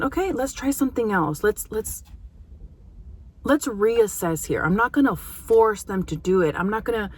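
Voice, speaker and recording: An earnest woman in her thirties speaks directly to parents as a behavior analyst. Her voice sits at an ordinary middle pitch, and her talk is casual and heartfelt, broken by emphatic pauses.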